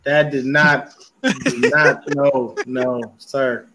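A man co-hosting a sports podcast, telling animated stories in casual, profane chat. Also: medium pitch, extremely slow, a loud crowd. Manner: animated storytelling with heavy cursing. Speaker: podcast co-host.

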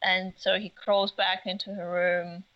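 A woman on a podcast, recapping a plot slowly and haltingly with many uhs. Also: fairly low pitch, flat delivery. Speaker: podcast co-host recapping the episode. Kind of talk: casual chat. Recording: dull lo-fi sound.

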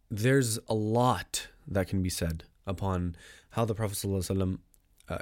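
A man's voice: lowish voice, a little mellow, no echo, clean studio sound. Conversational man posing rhetorical questions. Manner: conversational, rhetorical questions, many restarts and fillers; recites Arabic verse rapidly. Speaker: podcast host explaining a poem. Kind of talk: casual religious lesson.

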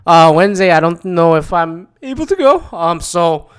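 Rambling, smooth-voiced male podcast host. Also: fairly high pitch, very animated, moderate pace. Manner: rambling, profane, many fillers and restarts. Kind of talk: casual solo chat.

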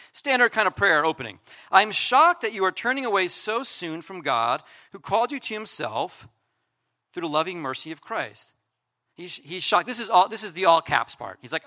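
A man, a pastor giving a casual sermon, reading scripture aloud and paraphrasing it in a conversational, animated way. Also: high-pitched.

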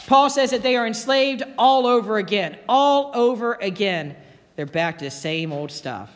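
A man's voice: sits high, fairly bright tone, big-room sound. A man preaching a sermon as pastor, earnest and repeating key phrases for emphasis.

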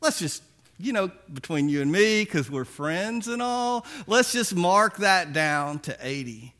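A proud, lazy business manager who talks his way out of trouble, wheedling and folksy, as a preacher puts him on in a sermon. The voice sits bright and fairly high for a man. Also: animated, unhurried, full character voice. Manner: folksy, whining then wheedling.

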